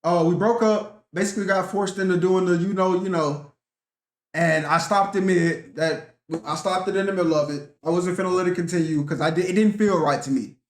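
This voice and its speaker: A man's voice: high voice, fairly even intonation, fairly quick. A young man telling a profane, rambling story in a casual rant vlog, talking animatedly and swearing often. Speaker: vlogger. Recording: echoey room.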